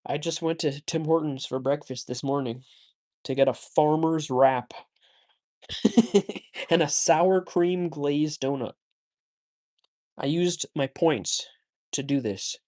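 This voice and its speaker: A man's voice: on the high side, slow pace, pauses often, darkish tone. Dude live on his phone, walking and talking, bit out of breath, jokey chat. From Canada. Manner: chatty, joking, answers chat aloud. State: slightly winded from walking. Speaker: livestream host. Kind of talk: casual live chat reading viewer comments. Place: outdoors, walking.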